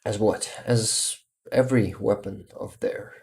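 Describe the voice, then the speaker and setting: Slow, tired Ukrainian man on stream. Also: fairly low pitch, steady tone, a little mellow. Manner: halting, searches for words, frequent restarts. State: exhausted. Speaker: livestream host. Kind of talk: casual livestream chat.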